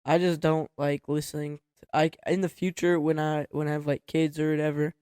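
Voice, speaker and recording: A young man co-hosting a podcast in a laid-back way, tossing in short replies and dry jokes. His voice is a little high and smooth, with a flat delivery, recorded dry and close. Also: a little fast, no echo. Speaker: podcast co-host. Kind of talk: casual chat.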